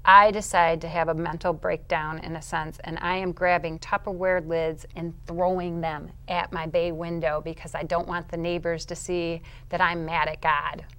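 A woman's voice: level tone, normal speed, hardly any pauses, clean tone. Woman telling a vivid faith testimony. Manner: vivid storyteller who acts out her own past outbursts; moves between quiet, low narration and loud, high bursts. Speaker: interview guest. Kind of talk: personal faith testimony, storytelling.

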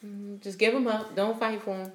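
A woman's voice: mid-range voice, normal speed, reverberant, a little hiss or hum. A woman telling stories in a casual podcast chat, laughing often and acting out what people said. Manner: laughing, animated storytelling.

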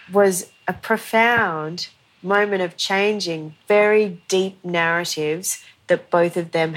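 A woman's voice: fairly low pitch, slight background noise. A woman guest on a podcast, telling a long story in a conversational way, often saying "you know".

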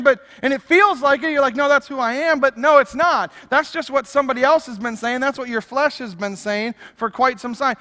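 A man preaching a sermon as pastor, conversational and animated, acting out little asides to the congregation. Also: very high-pitched. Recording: long hall reverb.

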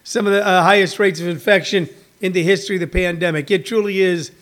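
A man's voice: high-pitched, steady tone, quick pace, a bit bright. A man, a stand-up comedian, chatting casually on a livestream, riffing and rambling with frequent fillers.

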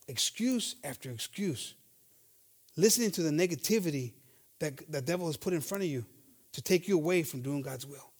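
High-voiced bilingual preacher man. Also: expressive, darkish tone. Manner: switches between English and Spanish, often calls out "hermanos"; reads scripture slowly and deliberately. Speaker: pastor. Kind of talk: bilingual sermon.

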